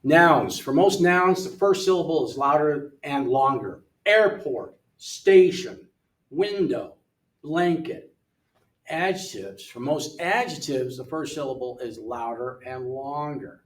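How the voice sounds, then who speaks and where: An older man working through an English app lesson in a relaxed way, thinking aloud and reading words off the screen, recorded from away from the mic in a room. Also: medium pitch, a little slow, few pauses, far from the mic. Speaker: missionary English tutor. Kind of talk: casual walkthrough of an app lesson. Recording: roomy sound from away from the mic.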